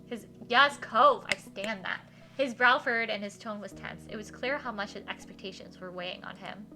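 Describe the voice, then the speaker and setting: A woman's voice: mid-range voice, moderate pace, over music. A young woman streaming a story game live, reading text aloud and reacting with giggly, gushing asides.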